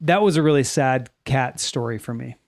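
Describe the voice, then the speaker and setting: A man hosting a casual podcast, telling stories in an animated way. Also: mid-range voice, moderate pace. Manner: storytelling, animated, imitates cat sounds. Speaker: podcast host. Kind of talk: casual chat.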